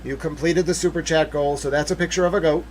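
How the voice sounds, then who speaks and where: A man's voice: a little high, fast, slight background noise. A man hosting a casual livestream, talking through documents and joking playfully with his chat. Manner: chatty, playful, emphatic when excited. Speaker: livestream host.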